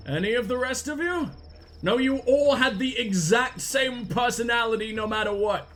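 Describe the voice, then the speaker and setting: A man giving sarcastic, profane let's play commentary as a gaming streamer, jumping into high yelps. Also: normal speed, fairly bright tone.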